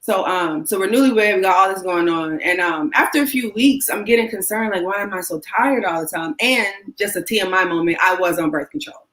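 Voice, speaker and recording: A woman's voice: medium pitch, brisk, hardly any pauses, rough recording. Chatty woman telling a personal story. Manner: animated, acts out quoted voices; frank, chatty, self-deprecating. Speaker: interview guest. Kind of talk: casual storytelling.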